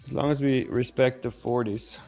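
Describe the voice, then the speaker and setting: A man in his thirties co-hosting a live trading stream, relaxed and jokey as he talks to the chat. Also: mid-range voice, normal speed, gravelly, faint music behind. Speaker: co-host of a live trading show. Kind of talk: casual live-stream banter.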